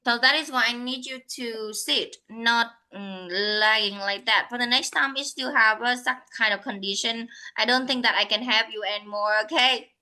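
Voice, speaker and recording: A woman with a Vietnamese accent tutoring English in an online one-on-one lesson, speaking slowly, repeating herself and correcting her own words. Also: a little high, pushed and bright, rough recording.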